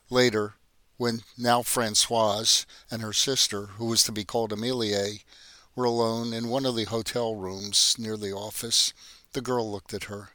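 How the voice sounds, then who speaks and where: Male narrator, bright voice, dry close sound, steady reading. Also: on the low side, a little slow, no room sound. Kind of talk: scripted narration.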